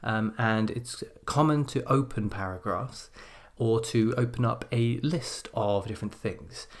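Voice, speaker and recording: A man giving a recorded English grammar lesson, explaining clearly and slowing down when he reads example sentences aloud. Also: medium pitch. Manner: explanatory, measured, slows down to read example sentences. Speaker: English exam teacher. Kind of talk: scripted video lesson.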